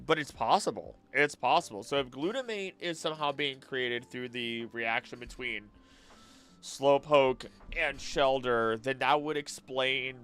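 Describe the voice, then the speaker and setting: A man's voice: medium pitch, measured pace, a bit bright, smooth, faint music behind. A man, a streamer and voice actor, chatting casually and thinking aloud while he answers chat questions.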